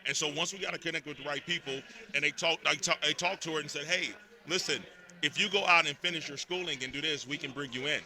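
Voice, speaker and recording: A man from Texas, a podcast guest telling stories in a lively, emphatic way at a live event. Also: fairly high pitch, fast talker. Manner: animated storytelling, emphatic repetitions. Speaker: podcast network host, guest. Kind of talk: casual interview talk.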